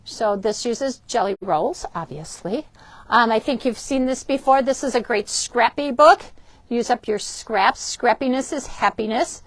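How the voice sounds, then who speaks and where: A woman hosting a shop's live quilting show, chatty and upbeat, often pausing with ums as she shows fabrics and books. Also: fairly high pitch, no room sound. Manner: chatty, upbeat, frequent ums and self-corrections. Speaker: shop host presenting fabrics and books. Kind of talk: casual product demo for a live stream. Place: indoors in a fabric shop.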